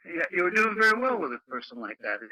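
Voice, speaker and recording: A man's voice: high voice, sing-song, fast, pushed and bright, no room sound, rough recording. An older man from Canada chatting bluntly on a radio net, laughing often and using lots of fillers. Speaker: radio club member. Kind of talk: casual radio chat. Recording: dry radio audio.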